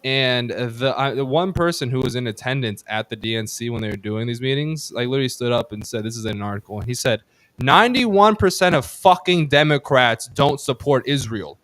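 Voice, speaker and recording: A man's voice: mid-range voice, quick pace, hardly any pauses, fairly bright tone, smooth, dry recording. Heated, profane man hosting a podcast. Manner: heated and profane, rambling with restarts. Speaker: podcast host. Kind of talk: casual political chat.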